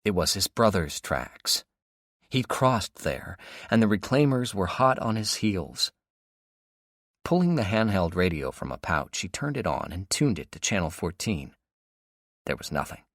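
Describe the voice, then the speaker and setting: Deep-voiced male audiobook narrator. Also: sing-song, unhurried, no room sound, clean studio sound.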